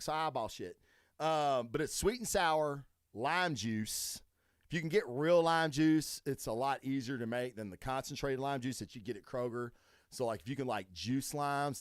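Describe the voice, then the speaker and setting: A man's voice: medium pitch, clear, resonant tone, no echo, clean studio sound. A man with a Southern US accent, hosting a podcast as casual chat, rambling and swearing a lot with crude jokes. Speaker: podcast host.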